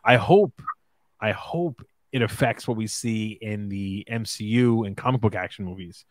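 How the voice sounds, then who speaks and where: A man's voice: fairly low pitch, no echo. A man co-hosting a podcast, talking enthusiastically about films, often restarting his words. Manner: enthusiastic, fast, trips over words. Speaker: podcast co-host. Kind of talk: casual movie chat.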